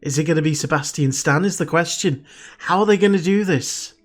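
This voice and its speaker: A man hosting a reaction video, gushing with excited fan exclamations in casual commentary. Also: fairly high pitch, a little fast. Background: faint show soundtrack music.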